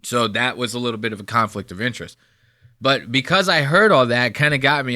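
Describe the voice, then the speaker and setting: A man's voice: medium pitch, quick pace, sharp tone, no room sound, clean studio sound. A man in his thirties from New Jersey, hosting a podcast with rambling, mocking commentary full of swearing. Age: 30s. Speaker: podcast host. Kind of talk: casual profane commentary.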